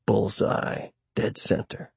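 A man reading a first-person novel aloud in a wry, dry, deliberate way. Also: a little mellow, no room sound. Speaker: audiobook narrator. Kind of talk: first-person audiobook narration.

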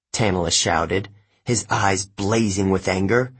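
A man narrating an audiobook in the first person, telling the story in a plain, measured way. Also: low-pitched, breathy edge.

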